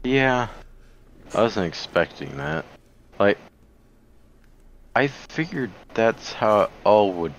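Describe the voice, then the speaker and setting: A man's voice: sits low, a bit bright, highs cut off. A man co-hosting a podcast in casual chat, laid-back and laughing often. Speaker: podcast co-host.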